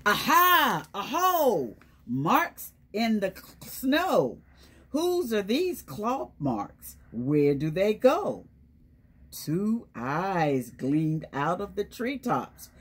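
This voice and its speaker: Reading a picture book to young kids, a woman with a husky, medium-pitched voice speaks very slowly, her pitch swinging widely. As the storytime presenter, she frequently pauses to question the children and name them individually.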